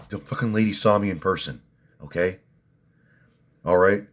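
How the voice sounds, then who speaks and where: A man ranting on a livestream while reading viewer comments, cursing, bursting into loud outrage and then muttering. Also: low voice, normal speed, long pauses. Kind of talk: profane ranting livestream chat.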